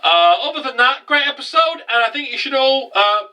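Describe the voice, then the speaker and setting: A man giving a casual, rambling recap of an anime episode, breaking into loud incredulous outbursts. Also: extremely high pitch, lively intonation, brisk, distant mic, low-quality recording. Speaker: anime reviewer.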